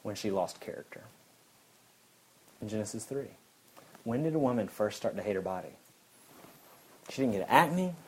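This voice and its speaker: A man's voice: on the low side, lively intonation, moderate pace, long pauses, rough recording. Earnest male preacher, faint hiss. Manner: earnest, repetitive emphatic preaching. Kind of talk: sermon.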